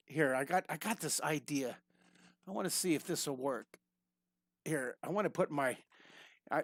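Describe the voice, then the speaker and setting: A man's voice: high voice, fairly bright tone, dry recording, clean studio sound. A man teaching a live online drawing lesson, bubbly and rambling as he chats with viewers.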